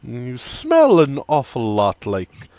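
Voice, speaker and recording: A man voicing a smug, menacing male tiefling stranger who taunts and bursts into sudden shouts. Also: medium pitch, huge pitch swings, slow, no room sound, heavily acted. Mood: sly.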